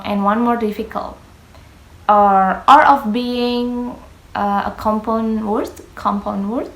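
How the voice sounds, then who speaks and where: A young woman whose first language is Indonesian, a student giving a class presentation on pronunciation, slow and halting, carefully spelling out words. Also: medium pitch. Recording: echoey room.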